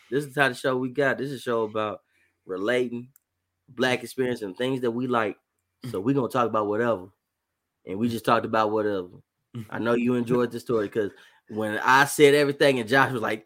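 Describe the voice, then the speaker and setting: A man hosting a casual podcast chat, telling animated stories and slipping into exaggerated voices. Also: mid-range voice, fairly quick. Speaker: podcast host.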